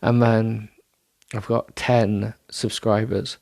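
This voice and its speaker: A man's voice: lowish voice, little pitch movement, takes it slowly, creaky, a little mellow, no echo. A man hosting a solo podcast, rambling in a self-deprecating way with many ums and restarts, sounding tired. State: tired, yawning. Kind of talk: rambling casual monologue.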